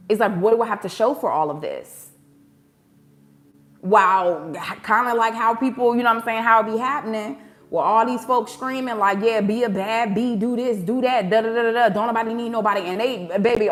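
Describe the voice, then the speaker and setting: A tarot card reader with a medium-pitched, slightly bright voice gives viewers a casual spiritual reading. She's chatty and emotional, calls them "y'all" and "baby," and breaks into bursts of preaching.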